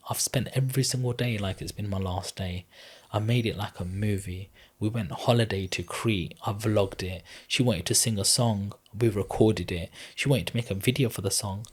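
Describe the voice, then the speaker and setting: Husky man in his thirties, heartfelt. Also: medium pitch, a little mellow. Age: 30s. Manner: earnest, heartfelt, rambling retelling. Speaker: podcast guest. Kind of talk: emotional personal storytelling.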